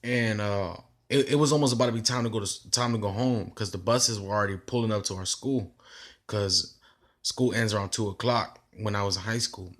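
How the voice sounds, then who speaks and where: Slangy young man, lowish voice. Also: a little fast, a bit bright. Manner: slangy, loose, rambling with restarts. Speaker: vlogger telling a story. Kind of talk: casual storytime chat.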